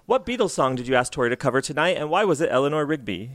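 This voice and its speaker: A man's voice: a little high, expressive, racing, a bit bright. An American man hosting a podcast interview, asking questions in a playful, teasing way. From United States. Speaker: podcast host. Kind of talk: casual interview chat.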